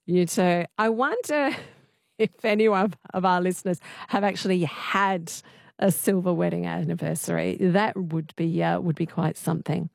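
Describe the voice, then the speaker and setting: A woman's voice: lowish voice, normal speed, vocal fry, dry recording, clean studio sound. Chatty woman radio quiz host. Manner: chatty, laughs easily. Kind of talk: casual talkback radio chat.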